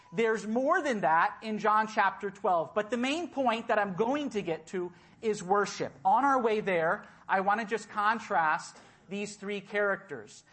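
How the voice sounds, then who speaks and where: A man preaching a sermon in a church, speaking deliberately and repeating key words for emphasis. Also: high voice, fairly bright tone.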